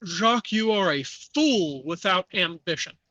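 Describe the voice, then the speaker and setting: A man voicing a young, ambitious male killer who speaks slowly and with contempt. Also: high-pitched, lively intonation, pushed and bright, no echo, dull audio, exaggerated voice. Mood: scornful.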